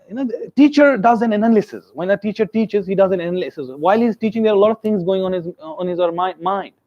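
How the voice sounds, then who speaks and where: A higher-voiced man leads a classroom lesson, repeating words over and over and slipping in joking asides. The recording has a dull, slightly lo-fi sound. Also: darkish tone. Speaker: pronunciation teacher. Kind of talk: classroom teaching, mixing English and Hindi.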